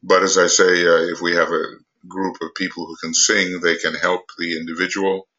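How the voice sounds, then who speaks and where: An older man lectures on spiritual matters without a script, his voice very deep yet bright and forceful. He stops often, fills gaps with hesitations and circles back to restart his thoughts. The recording is dull and lo-fi. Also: level tone. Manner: halting, many fillers and restarts. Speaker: esoteric teacher.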